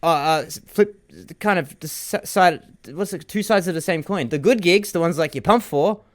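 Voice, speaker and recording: A man, a comedian co-hosting a podcast, telling stories in rambling, animated bursts. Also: a little high, normal speed. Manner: rambling, animated storytelling with frequent restarts. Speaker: comedian and co-host. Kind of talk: casual comedic banter.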